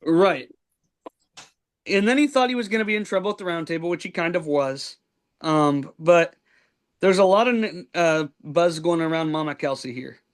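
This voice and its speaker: A man's voice: on the high side, normal speed. A man hosting a podcast, recapping a reality show in casual chat with plenty of ums and likes. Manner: rambling play-by-play recap with many ums and likes. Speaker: podcast host.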